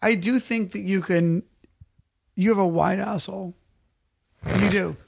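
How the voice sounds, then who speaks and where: A man's voice: high voice, steady tone, measured pace, vocal fry, slightly rough. A man co-hosting a comedy podcast, rambling through a story and repeating himself as he acts out quotes. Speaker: podcast co-host.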